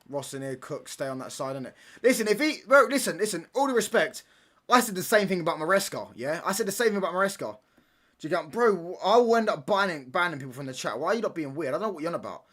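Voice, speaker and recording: A man's voice: a little high, bright, forceful tone. A young man hosting a live football watchalong, rambling and arguing back at his chat in casual slang. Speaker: livestream watchalong host.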